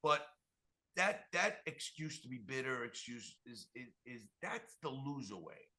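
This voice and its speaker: A man's voice: medium pitch, sing-song, a little slow, a crowd in the background. A man hosting a podcast, talking in a blunt, fired-up way and swearing freely. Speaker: podcast host. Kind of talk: casual chat.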